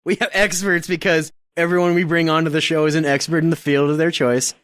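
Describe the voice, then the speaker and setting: Man, podcast co-host, laughing, self-deprecating, dry sound, slightly high pitch. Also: steady tone, fairly quick, a bit bright, clean tone, no echo. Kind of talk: casual chat.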